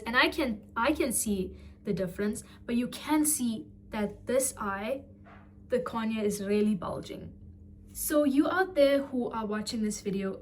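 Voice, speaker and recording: A young woman talks to the camera in a personal vlog, earnest and heartfelt, emotional and near tears. Her voice is a little high, with slight background noise.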